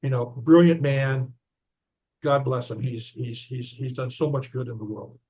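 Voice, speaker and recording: Here the same older author and investigator sounds slightly rough, talking a little slowly at medium pitch. As an interview guest he animatedly relays a story and the dialogue within it, captured in dull lo-fi audio.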